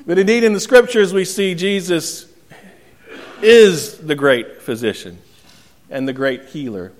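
A pastor giving an earnest sermon, telling a gentle joke along the way. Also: male voice, a little high, a little slow. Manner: earnest preaching with gentle storytelling humor. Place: church sanctuary. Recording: long church reverb.

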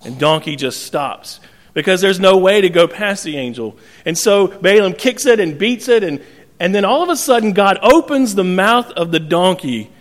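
A high-voiced pastor tells a scripture story with energy, acting out the characters. He slows into earnest, searching questions. His voice carries a long reverb from a church hall. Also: expressive. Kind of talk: sermon.

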